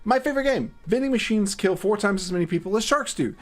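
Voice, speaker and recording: A man's voice: high voice, animated, quick pace, pitched above the performer's own voice. A man voicing a formal, pedantic robot with a screen for a face, in a raised, prim and precise voice while reading a game aloud. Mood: cheerful.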